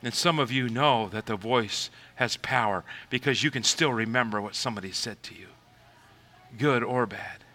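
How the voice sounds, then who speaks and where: A man preaching a sermon, moving from quiet reflection to shouted, high exclamations, with laughs between points. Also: a little fast, few pauses, slight background noise, low-quality recording. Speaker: pastor.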